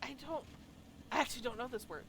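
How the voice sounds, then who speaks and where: A woman's voice: a little high, quick pace, creaky. A woman who teaches Spanish, streaming and chatting casually, acting out both sides of a conversation as she tells it. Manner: animated storyteller, acts out both sides of conversations. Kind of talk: casual chat.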